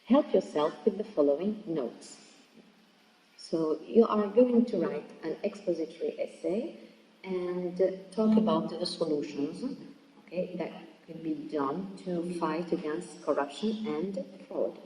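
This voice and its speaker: Algerian woman teacher, explanatory classroom delivery, mellow tone, recorded far off in a reverberant hall. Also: on the low side, measured pace, slight background noise. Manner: explanatory, repeats "okay?" to check understanding. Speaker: English teacher.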